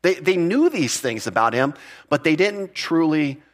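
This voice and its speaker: A man's voice: on the high side, big pitch swings, unhurried. A man teaching through a Bible passage in a conversational way, often repeating words and putting questions to his listeners. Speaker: pastor.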